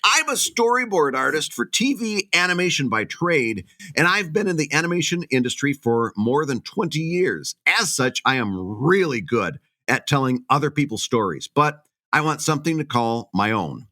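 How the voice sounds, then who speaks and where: A man's voice: fairly high pitch, big pitch swings, moderate pace, few pauses, pushed and bright. A man co-hosting a podcast, joking around and reading a listener question aloud in casual chat. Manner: laughs a lot, jokey. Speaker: podcast co-host.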